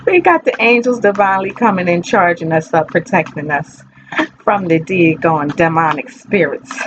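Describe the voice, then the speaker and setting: A woman's voice: lowish voice, lively intonation, normal speed, dull audio, background noise. A woman reading tarot in a casual, playful, rambling chat to her viewers. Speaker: tarot reader.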